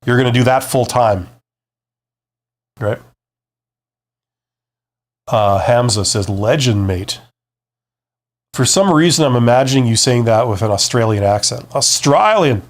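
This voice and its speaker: A man with a mid-pitched voice hosts a live stream on job hunting. He speaks conversationally and with emphasis, slowing down to stress key points and then speeding through asides as he reads out and answers viewer comments. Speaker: career advice host, former CEO. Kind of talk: live-stream Q&A, casual advice chat.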